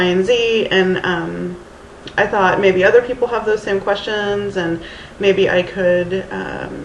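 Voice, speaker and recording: A woman's voice: lowish voice, a little hiss or hum. A woman in her thirties from Houston, rambling casually in a storytime vlog with Valley Girl-like speech, lots of ums and restarts, into her camera's mic. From Houston, Texas. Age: 30s. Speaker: vlogger. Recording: roomy with faint ambience.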